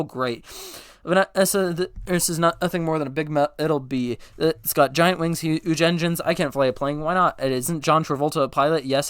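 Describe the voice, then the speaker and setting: A man races through a movie script as a comedic speedrun, voicing every part himself. His smooth, slightly high voice stays flat and deadpan as he trips over words, backs up, and corrects himself. The sound is close and dry, with no echo or room around it.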